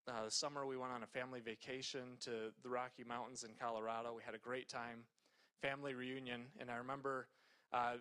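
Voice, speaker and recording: A man's voice: medium pitch, sharp tone. A man preaching a sermon in a conversational way, telling a personal story with frequent fillers and restarts.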